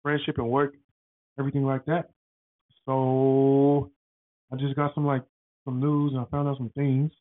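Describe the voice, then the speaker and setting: Man, casual podcast host, rambling, slangy, excitable, tinny phone-like sound, dry. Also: mid-range voice, no echo.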